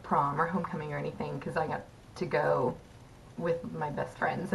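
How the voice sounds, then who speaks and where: A woman's voice: fairly low pitch, low-quality recording. A young woman casually telling a funny theater memory, chatty, with many fillers and frequent laughter. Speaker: former theater company member. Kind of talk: casual storytelling.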